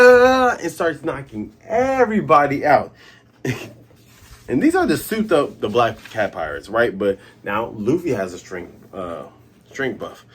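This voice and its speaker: A young man hosting a comic review show, casually recapping a chapter and excitedly acting out the characters' lines. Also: mid-range voice, a little hiss or hum. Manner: excitable, acts out characters' lines in quick voices. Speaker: manga review host.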